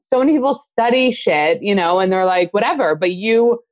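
A woman hosting a casual podcast, rambling from one thought to the next and swearing freely. Her voice is mid-pitched. It sounds dry and a little muffled. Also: expressive, normal speed, no room sound. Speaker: podcast host.

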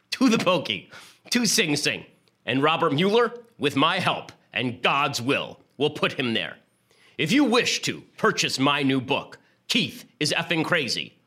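A self-important male TV pundit in full grandstanding mode, played by a man doing a comic impression. He declaims every line as a melodramatic pronouncement. The tone is bright and forceful. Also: a little high, exaggerated voice.

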